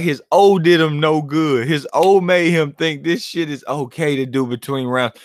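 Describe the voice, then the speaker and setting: Animated, profane male boxing vlogger. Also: on the high side, no echo, clean studio sound. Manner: animated, profane, laughing banter. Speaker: boxing commentator and channel host. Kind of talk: casual vlog commentary.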